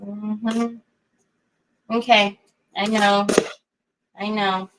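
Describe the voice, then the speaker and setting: A middle-aged woman hosting a craft livestream, chatting in a rambling way while she works and talking softly to a small child beside her. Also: medium pitch, little pitch movement, extremely slow, noisy background. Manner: rambling, chatty storytelling with many asides; soothing baby talk to a small child. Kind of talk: casual chat while crafting.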